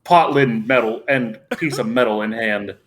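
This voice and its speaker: A man's voice: mid-range voice, moderate pace. A man taking part as a player in a tabletop game, speaking plainly and earnestly.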